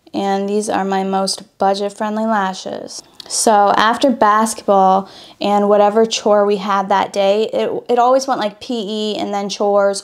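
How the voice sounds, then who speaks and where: A woman's voice: mid-range voice, gravelly. A young woman from Wisconsin telling a personal story in a casual vlog while doing her makeup, full of "like" fillers and restarts. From Wisconsin, USA. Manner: chatty, lots of "like" fillers and restarts. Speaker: beauty vlogger.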